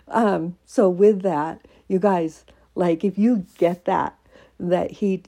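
A woman with a low, gravelly voice talks earnestly about her faith, teary and heartfelt. Her tone is mellow and a bit husky, and she speaks casually with many fillers. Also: fairly even intonation, a little slow. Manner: earnest, emotional, laughs often, many fillers. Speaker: faith podcaster. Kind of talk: casual devotional talk.

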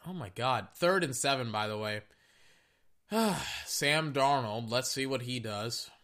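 A man giving casual, rambling play-by-play of a football game, excitable, often correcting himself and swearing casually. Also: medium pitch, a little slow. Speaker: sports commentator. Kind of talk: casual play-by-play commentary while watching a game.

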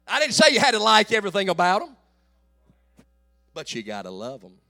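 A pastor in his late forties preaching a folksy call-and-response sermon that builds to shouts. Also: high-pitched, huge pitch swings, fairly quick. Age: 40s.

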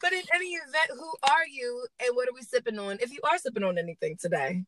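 Bright, high-voiced chatty woman host. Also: quick pace, no echo, low-quality recording. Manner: lively and chatty, laughs often, slangy. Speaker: podcast host and baker. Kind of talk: casual podcast interview.

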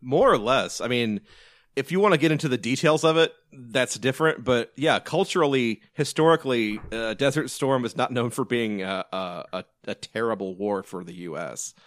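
A man's voice: mid-range voice, moderate pace, a bit bright, no room sound, clean studio sound. Rambling man reviewing a movie. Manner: rambling, frequent restarts and fillers, swearing. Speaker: podcast co-host. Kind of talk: casual movie review chat.

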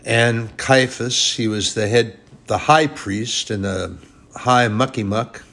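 A male preacher delivering a sermon at a slow, deliberate pace. His average-pitched voice swings between hushed passages and emphatic, raised ones. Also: fairly even intonation, creaky.

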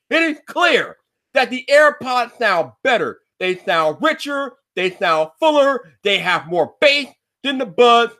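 Brash male tech podcast host, high and forceful, slangy solo rant. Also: animated, measured pace.

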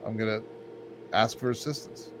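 A man's voice: lowish voice, fairly even intonation, moderate pace, fairly bright tone. A man co-hosting a podcast, telling stories in a laid-back, rambling way full of "like". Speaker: podcast co-host. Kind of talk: casual podcast chat. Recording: faint background noise.

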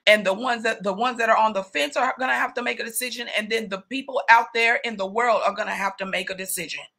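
Woman preacher, higher bright voice, fervent, repetitive, slangy sermon delivery. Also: steady tone, fast, vocal fry. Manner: fervent, rising to speaking in tongues and shouting; street slang, repeated rhetorical questions.

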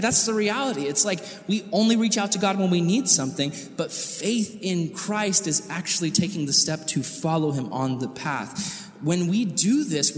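A man preaching a youth sermon to high school students, animated and slangy, acting out quotes as he goes. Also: reverberant, in a large hall. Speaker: youth pastor.

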